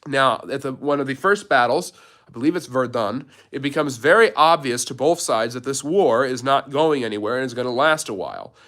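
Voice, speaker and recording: Man, history host, live-stream Q&A, storytelling explainer, mid-pitched voice. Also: expressive, brisk, fairly bright tone. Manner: storytelling, building a step-by-step chain of events.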